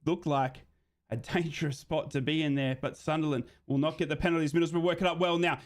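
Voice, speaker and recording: A man with a voice on the high side and fairly even intonation speaks fast while hosting a live football watchalong stream. He gives running play-by-play and reads out comments from viewers.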